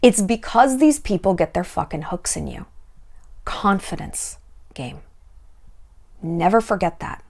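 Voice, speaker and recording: In a casual commentary vlog, a woman hands out dating advice, animated and sarcastic, swearing freely and acting out quoted voices. Her voice is low-leaning and gravelly, with a moderate pace and hardly any pauses.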